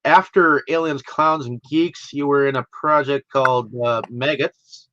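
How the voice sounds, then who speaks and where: A man hosting an interview, asking questions haltingly with many fillers and laughing along with his guest. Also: medium pitch, steady tone, bright, forceful tone, a little hiss or hum. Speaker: interview host. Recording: dull dry audio.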